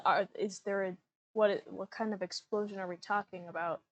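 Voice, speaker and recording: A woman's voice: mid-range voice, fairly even intonation, no room sound, highs cut off, voice pushed down, lightly acted. A woman playing a flustered, curious tavern woman. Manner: flustered, stammering, rapid questions. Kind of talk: improvised tabletop role-play.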